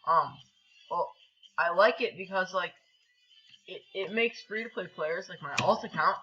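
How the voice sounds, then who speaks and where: A young male gamer talks through his match in a high, very bright voice. He jumps between excited yelps and quiet mumbled asides, keeping up a casual running commentary. Keyboard and mouse clicks sit behind him. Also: measured pace, husky, muffled recording. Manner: excitable, yelps and groans at the game. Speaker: gaming channel host.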